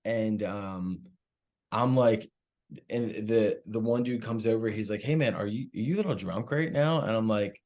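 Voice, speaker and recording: A man tells a rowdy story on a podcast, his voice sitting fairly low. He swears freely and acts out the lines of each person in the story, his delivery animated and casual. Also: normal speed. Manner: animated, profane, acts out quotes. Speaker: comedian guest.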